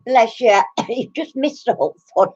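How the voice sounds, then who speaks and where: Breathless giggly lady in her 60s, kinda high voice, chatty on a lo-fi stream. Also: moderate pace, a little mellow, slightly rough. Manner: giggly, chatty, greets viewers by name. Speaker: craft channel host. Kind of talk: casual live stream chat with viewers.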